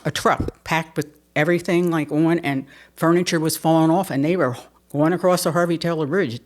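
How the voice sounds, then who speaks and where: An older woman, telling stories from her life as a mayor in a lively, laughing way, often repeating words as she restarts. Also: extremely low pitch. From Pennsylvania. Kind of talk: conversational storytelling interview.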